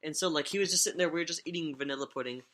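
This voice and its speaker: This young man's slightly high, sharp voice races along very fast as he shares stories on a casual podcast. His chat is rambling, peppered with swearing and frequent laughs.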